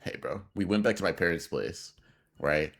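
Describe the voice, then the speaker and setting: Young male podcast co-host, low-pitched, animated slangy storyteller. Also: moderate pace, gravelly, slight background noise. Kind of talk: casual storytelling chat.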